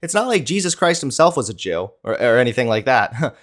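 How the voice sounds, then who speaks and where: A man's voice: medium pitch, sing-song, fairly quick. A man giving sarcastic reaction commentary in a mocking, incredulous way.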